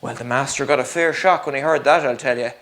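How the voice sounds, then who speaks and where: A man's voice: mid-range voice, fast. A man, a teacher telling a story to children in a playful way and asking them questions. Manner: animated, playful, asks the listeners questions. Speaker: primary school teacher, storyteller.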